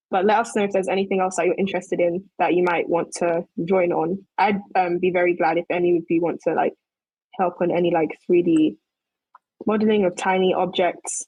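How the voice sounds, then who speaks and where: A woman's voice: fairly low pitch, slightly rough, dry recording, dull audio. Young woman talking through a 3D modeling tutorial. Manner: relaxed, thinks aloud while working, loose fillers. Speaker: 3D modeling presenter. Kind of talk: casual screen-recorded tutorial.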